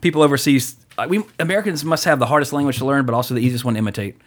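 A man's voice: mid-range voice, rapid-fire. A man co-hosting a podcast, telling rambling stories full of fillers and swearing. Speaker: podcast co-host. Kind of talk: casual chat.

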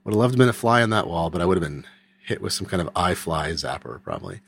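A man's voice: deep voice, sing-song, quick pace, gravelly, fairly bright tone, breathy edge. A man hosting a casual tech podcast, talking in a wry, joking way full of rambling asides. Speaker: podcast host.

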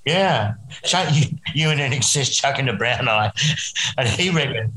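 A man's voice: medium pitch, animated, moderate pace, roomy sound, noisy background. An Australian man, a musician guest, rambling through a story and chuckling often. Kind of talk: casual anecdote telling.

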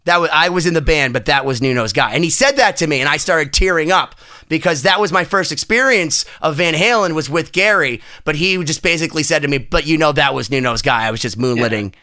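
A man co-hosting a casual podcast, telling stories with excited, rambling energy. His voice is high for a man, and it has a bright, forward edge. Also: fairly quick. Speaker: podcast co-host.

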